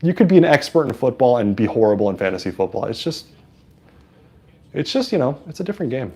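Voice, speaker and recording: Mellow-voiced man chatting through a football game. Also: medium pitch, fast, husky. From San Francisco. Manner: chatty and excitable, with frequent fillers. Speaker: livestream host. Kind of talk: casual live sports commentary.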